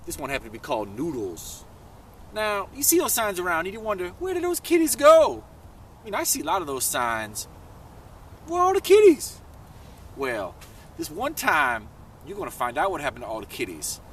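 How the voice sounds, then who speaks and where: Lively man telling a children's story. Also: a little fast, distant mic, a little hiss or hum. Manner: lively, swoops high in pitch for excited questions. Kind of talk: animated children's story narration.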